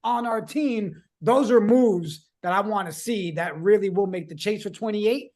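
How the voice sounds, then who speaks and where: A woman hosting a casual sports fan show, upbeat and teasing, often talking in quick bursts. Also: mid-range voice, a little mellow. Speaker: host. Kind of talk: casual sports podcast chat.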